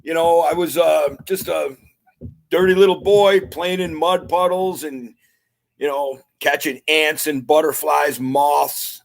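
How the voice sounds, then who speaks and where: Man, gravelly voice, somewhat high pitch, humble, rambling, podcast guest. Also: steady tone, slow pace. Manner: humble, rambling storyteller with many fillers. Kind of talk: casual interview chat.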